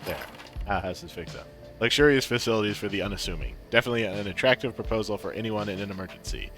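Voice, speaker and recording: A man's voice: on the low side, fast, a bit bright, soft background music. A man streaming a game, casually chatting and muttering through on-screen text.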